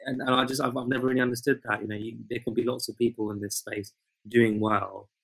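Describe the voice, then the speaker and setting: A man's voice: mid-range voice, flat delivery, fast talker, vocal fry, a bit bright, breathy edge, no echo, poor audio. A man co-hosting a podcast who talks in a hesitant, thoughtful way, often repeating words as he works out what he means. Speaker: podcast co-host. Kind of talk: casual chat.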